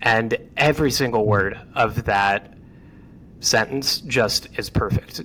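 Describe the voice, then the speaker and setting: A man's voice: medium pitch, unhurried, a bit bright, slight background noise, low-quality recording. A young man hosting a health podcast, asking heartfelt questions with frequent stammers. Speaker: podcast host. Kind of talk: interview hosting.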